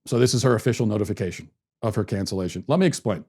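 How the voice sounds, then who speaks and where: A man in his thirties hosting a commentary show, telling a story at home in a sarcastic, deadpan way and keeping his voice down. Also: very fast, slightly rough. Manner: lowers his voice to keep quiet at home. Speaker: podcast host. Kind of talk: opinion commentary monologue.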